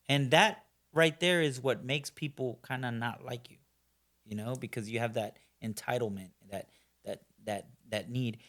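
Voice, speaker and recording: Middle-aged american guy on a podcast, blunt and opinionated, rambles with lots of um and you know, mid-pitched voice. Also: moderate pace, a bit bright. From United States. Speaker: podcast guest. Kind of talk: casual interview talk.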